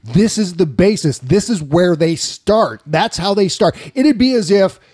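A man's voice: sits high, expressive, measured pace, a little mellow, husky, no echo, clean studio sound. A man hosting a political podcast, ranting with indignation and swearing freely. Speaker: podcast host. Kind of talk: political talk show banter.

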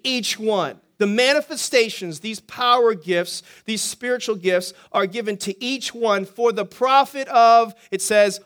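A man preaching as a pastor, teaching quickly and energetically and throwing questions to the congregation. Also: high voice. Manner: energetic, talks fast, asks the congregation questions. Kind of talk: sermon teaching.

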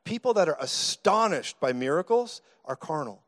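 A man preaching a sermon, telling stories in an animated, joking way with sudden loud bursts. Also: on the high side, moderate pace. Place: church meeting hall.

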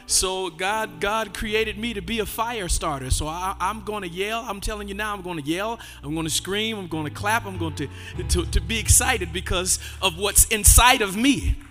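A man delivers a fiery sermon in a high, ringing voice, repeating himself as he builds. Church music plays faintly behind him. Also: normal speed, few pauses. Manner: shouts and sings out phrases, stammers and repeats words. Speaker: pastor.

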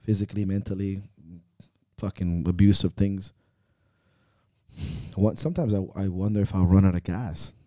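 A man hosting a podcast and talking candidly as a coach, earnest and profane, questioning himself with sighs and trailing pauses. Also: low voice, steady tone, warm tone, no echo.

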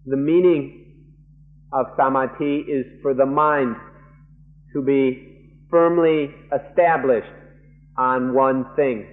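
A male monk interprets a dharma lecture live, working through each idea in short, deliberate phrases with pauses and restarts. He talks very slowly at a middling pitch. The sound is a narrow, muffled archival tape. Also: fairly even intonation. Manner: measured, halting phrases with frequent pauses and restarts.

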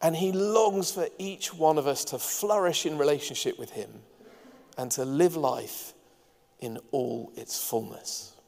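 A man's voice: a little high, a little slow, darkish tone. A man preaching a sermon as pastor, earnest and engaging, with light asides to the congregation. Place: church hall. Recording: long hall reverb.

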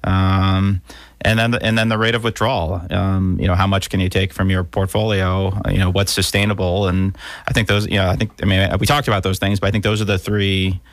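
A man's voice: low-pitched, level tone, brisk, no room sound. A man co-hosting a money podcast, explaining steadily in casual chat with many fillers. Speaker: podcast co-host.

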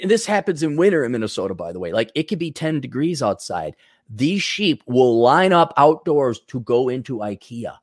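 A man hosts a podcast in a sarcastic, profane rant. His fairly high voice leaps and dips with lively swings. The sound is close and dry. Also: no echo. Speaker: podcast host. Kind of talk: ranting podcast chat, reading donations.

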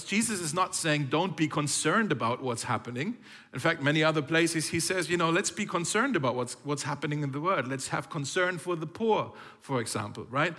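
A man's voice: a little high, pushed and bright. A man preaching a sermon as a pastor, talking in a conversational way with playful asides and frequent restarts. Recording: long reverb of a hall.

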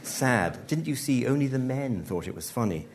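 A man reading aloud, voicing a frank young woman who talks bluntly and calmly. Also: mid-range voice, moderate pace, pitched above the performer's own voice, natural voice. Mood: analytical. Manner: blunt, then calm and reasoning.

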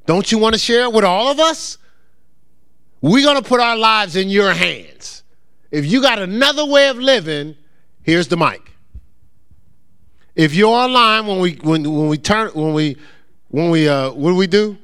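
Lively, animated preacher man. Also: sits high, unhurried, long pauses, clean tone. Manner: conversational preaching, acts out voices of others. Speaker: pastor. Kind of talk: sermon. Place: church.

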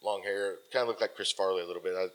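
A man in his forties, a military veteran guest, telling a casual rambling story full of fillers that often trails off softly. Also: low voice, fairly even intonation, very fast.

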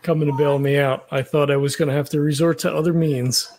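A wary young man, voiced by a man in a tabletop game. He speaks quietly and guardedly, with a slightly raised pitch. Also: fairly even intonation, fast talker. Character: wary young man trying to look meek.

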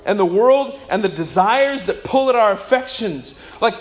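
A man preaching a sermon as pastor, emphatic and swinging between loud declarations and soft asides. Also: high-pitched, animated, moderate pace.

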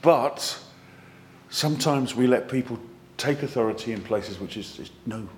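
A man preaching a sermon, lively and conversational with jokey asides, reading scripture aloud with strong emphasis. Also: mid-range voice, normal speed, a little hiss or hum.

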